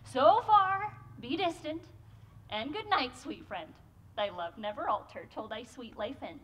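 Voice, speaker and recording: A woman playing a modest young maiden speaks gently and coaxingly in a fairly high voice. The delivery is theatrical, as on a live stage. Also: animated, unhurried, a little hiss or hum. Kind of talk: live stage Shakespeare acting.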